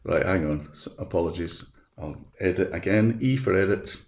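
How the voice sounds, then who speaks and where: Male webinar presenter, low gravelly voice, talks through each click in a chatty way, roomy echo. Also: moderate pace. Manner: chatty, walks through steps aloud. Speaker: education specialist presenting a webinar. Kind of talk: live software demonstration. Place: at his computer.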